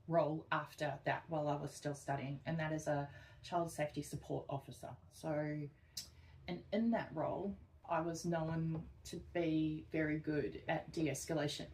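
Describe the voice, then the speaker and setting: A woman's voice: low-pitched, a little hiss or hum, low-quality recording. A woman co-hosting a casual podcast, a social worker who tells work stories and acts out the people she quotes. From Australia. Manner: animated storytelling, acts out quotes.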